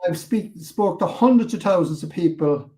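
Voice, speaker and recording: Older Irish man, Cork accent, lively raconteur with a slightly raised voice; a guest who acts out every scene. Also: sits high, moderate pace. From Ireland. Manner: animated, acts out quotes, swears freely. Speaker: podcast guest. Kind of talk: storytelling interview.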